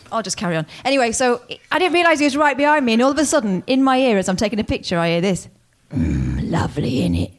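A woman in casual conversation with a dry, teasing, deadpan sense of humour. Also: high-pitched, fast, heavy background noise. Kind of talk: casual chat.

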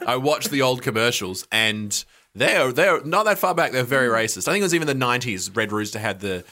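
Lively, bright-voiced man. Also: mid-range voice, a little fast. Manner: riffing, playful, improvised scenes. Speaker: podcast co-host. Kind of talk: casual comedic chat.

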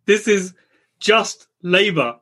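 A man's voice: sits high, animated, slow pace, fairly bright tone. A man chatting casually on a podcast, blunt and exasperated.

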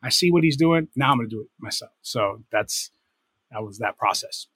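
A middle-aged man with a husky, medium-pitched voice recounts stories as a guest in a relaxed interview. He meanders, restarts his sentences and corrects himself, and the recording is dry and close. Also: moderate pace, no echo. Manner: rambling, self-correcting anecdotes with many fillers. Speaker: guest, DJ and producer. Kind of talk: casual storytelling interview.

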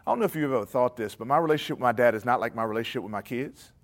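A man preaching a sermon, telling a family story in a relaxed, conversational way and then dropping into a quiet prayer. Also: medium pitch, rapid-fire.

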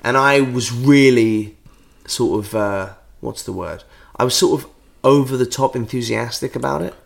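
A man co-hosting a podcast in a casual, chatty way. He tells stories with animation and jumps into quick impressions of the people in them. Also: mid-range voice, gravelly. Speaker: podcast co-host.

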